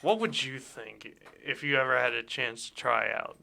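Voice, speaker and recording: A man's voice: mid-range voice, moderate pace, vocal fry, pushed and bright. A man hosting a radio show, chatting loosely and jokingly, often repeating words as he goes. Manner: rambling, jokey, repeats words. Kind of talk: casual radio chat. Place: radio studio.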